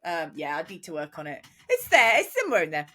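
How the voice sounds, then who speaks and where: A woman's voice: low voice, sing-song, fast talker, bright, forceful tone. A woman in her forties co-hosting a podcast, chatting emphatically and laughing often. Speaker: podcast co-host. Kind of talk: casual chat.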